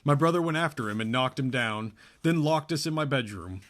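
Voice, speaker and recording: A man's voice: medium pitch, expressive, a little fast, a bit bright, lightly acted. A man reading the part of a young woman who is guarded and wounded, his voice lifted slightly. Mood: reluctant.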